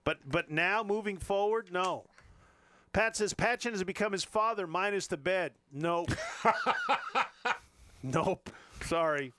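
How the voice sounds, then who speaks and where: High-voiced man bantering on sports radio. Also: slow pace, long pauses, background noise. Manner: wry, teasing, reads listener texts. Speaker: radio co-host.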